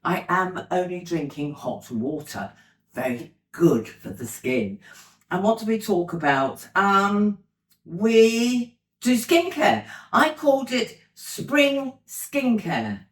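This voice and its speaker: An older woman talks casually to her viewers at home, chatty and a little self-deprecating. Her voice sits at a middling pitch, with an easy, conversational lilt. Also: sing-song, slow pace, reverberant. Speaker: lifestyle vlogger. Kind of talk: casual vlog chat. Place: at home indoors.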